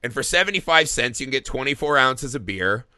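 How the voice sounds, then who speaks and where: A man co-hosting a podcast tells stories with animation during a casual film discussion, swearing freely as he goes. His voice is medium-pitched and a little fast, recorded with clean studio sound and no room echo.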